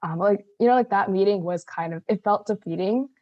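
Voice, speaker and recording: A woman's voice: mid-range voice, a little fast, dry recording, highs cut off. A woman founder talking casually and hesitantly, with many fillers. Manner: hesitant, filler-heavy talk. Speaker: student founder. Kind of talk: casual chat.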